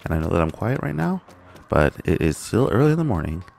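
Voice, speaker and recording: A young man quietly commentating his own gameplay, halting and full of fillers, cursing under his breath when stuck. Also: sits low, big pitch swings, vocal fry, slight background noise. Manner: quiet, halting, muttering with frequent fillers and curses. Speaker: gaming channel host. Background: game music.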